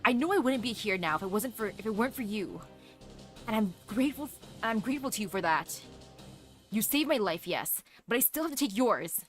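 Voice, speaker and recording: A woman's voice: mid-range voice, expressive, fairly quick, fairly bright tone, faint music behind, pitched below the performer's own voice, close to an everyday voice. Woman voicing an earnest young knight. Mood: remorseful. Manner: solemn, announcing. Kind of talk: reading game dialogue aloud.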